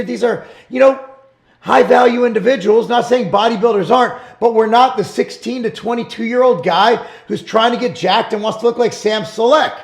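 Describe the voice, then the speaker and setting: A middle-aged man hosting his own show, talking bluntly and emphatically in a casual monologue, sometimes rising to shouts. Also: sits high, gravelly. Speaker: show host and supplement business owner. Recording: roomy echo.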